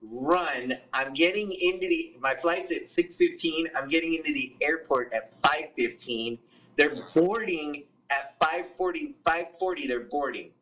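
Bright-voiced, profane male storyteller. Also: fairly high pitch, recorded from a distance, poor audio. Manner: animated and profane, acts out the voices of others. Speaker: guest. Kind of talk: casual storytelling.

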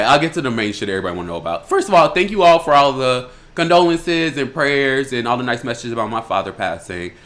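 Podcast co-host, male, from Chicago, brash and crude, bright tone. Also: medium pitch. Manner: loud, animated and crude, quick bursts of laughter. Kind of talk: casual chat.

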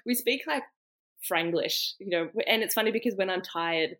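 A young woman from Australia, a podcast guest chatting in a relaxed, thoughtful way. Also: mid-range voice, moderate pace. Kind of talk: casual interview chat.

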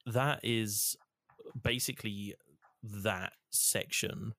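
A man's voice: fairly low pitch, fairly even intonation, very slow, bright, forceful tone, no room sound. A man in casual chat, rambling through a game recap, swearing freely and acting out the characters. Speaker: podcast co-host recapping a game.

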